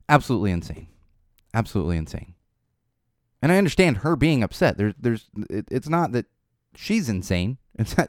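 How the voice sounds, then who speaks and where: A man hosting his podcast, talking in a casual, animated monologue, laughing often and swearing now and then. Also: fairly low pitch, clean tone, dry recording, clean studio sound. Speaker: podcast host.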